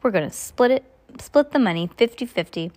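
A woman voicing a snobbish, scheming woman hypnotist who speaks haughtily and fast. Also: on the high side, lively intonation, a little mellow, pitched above the performer's own voice, lightly acted. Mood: haughty.

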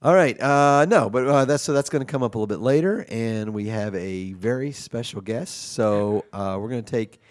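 A man hosting a comedy podcast, rambling through improvised banter with many halting fillers. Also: mid-range voice. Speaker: podcast host.

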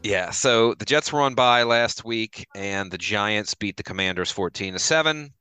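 A man hosting a casual sports podcast, running briskly through the week's matchups with loose, profane banter. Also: fairly low pitch, bright, forceful tone, clear, resonant tone. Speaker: podcast host reading the game lines.

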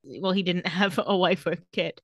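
A woman's voice: fairly low pitch, dry recording, clean studio sound. Playful woman recapping a show. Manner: playful, quick to laugh, acts out quotes lightly. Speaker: podcast co-host recapping a TV episode. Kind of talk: casual chat, retelling scenes.

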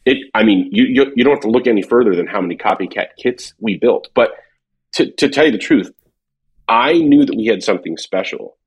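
A man talks casually, spinning long stories with restarts and fillers. His voice sits a little low and has a husky, breathy edge. He sounds relaxed and conversational. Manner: rambling storyteller, many fillers and restarts. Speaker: former drum company worker telling stories. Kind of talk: casual podcast chat.

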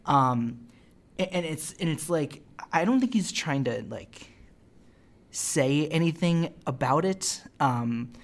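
A woman talks through a film in a relaxed podcast chat. She restarts her sentences often and leans on fillers as she thinks aloud. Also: low-pitched, slow pace. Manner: hesitant, many fillers and restarts. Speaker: podcast co-host. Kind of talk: casual film discussion.

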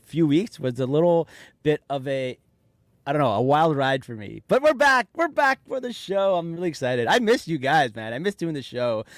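A man speaking a little higher than most men, rambling excitedly through a casual podcast chat. His voice is close and dry, with no room sound at all. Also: normal speed, no room sound. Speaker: podcast host.

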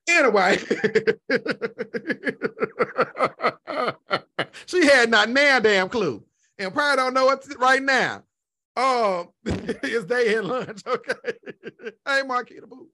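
High, bright-voiced man telling a profane story. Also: takes it slowly. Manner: profane, animated, lots of exclamations. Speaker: podcast host. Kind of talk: casual storytelling chat.

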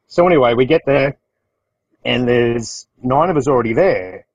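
A man's voice: medium pitch, moderate pace, no room sound, lo-fi sound. Australian man telling rambling business anecdotes. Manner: rambling anecdotes with restarts, acts out quotes. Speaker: business owner. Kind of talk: casual storytelling talk.

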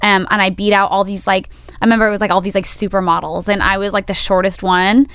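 A woman's voice: mid-range voice, flat delivery, fast, a bit bright, smooth, no echo, clean studio sound. A woman co-hosting a podcast, talking in a chatty way, thinking aloud and filling her talk with "like". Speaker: podcast co-host. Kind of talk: casual chat.

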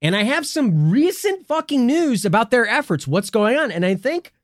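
A man's voice: very high-pitched, sing-song, moderate pace, dry recording, clean studio sound. A man co-hosting a comedic conspiracy podcast, teasing and mock-dramatic, swearing often. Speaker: podcast co-host.

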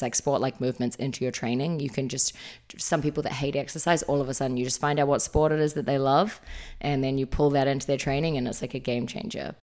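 Low-voiced chatty New woman. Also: darkish tone. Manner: chatty, enthusiastic, lots of "like" fillers. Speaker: fitness trainer. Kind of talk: casual interview storytelling.

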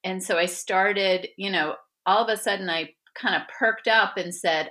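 A middle-aged woman telling personal stories as an interview guest, lively and often acting out the voices of others. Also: medium pitch, normal speed, hardly any pauses. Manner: animated, acts out quoted voices, laughs often. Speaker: guest author. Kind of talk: conversational storytelling interview.

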